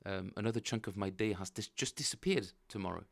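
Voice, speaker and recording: Chatty man, lowish voice. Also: fast talker, vocal fry. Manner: rambling, thinking aloud, chatting with viewers. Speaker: bass player streaming practice. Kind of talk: casual livestream chat.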